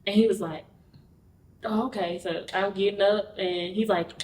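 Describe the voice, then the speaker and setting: A woman guest telling a personal story in an interview. She talks candidly and acts out the quoted dialogue with lively energy. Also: mid-range voice, normal speed, slight background noise. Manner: candid, conversational. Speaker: podcast guest. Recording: roomy, mic at a distance.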